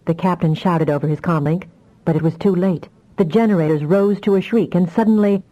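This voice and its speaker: A woman narrating a fantasy audiobook with expressive storytelling. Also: low-pitched, fairly quick, poor audio.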